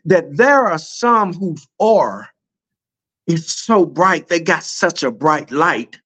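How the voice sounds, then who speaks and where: A man's voice: fairly high pitch, very animated, slow pace, a bit bright, breathy edge. A man hosting a podcast, talking in a preacherly way about spirituality and stories of his own, building emphasis with repeated phrases. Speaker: podcast host. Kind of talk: casual spiritual chat.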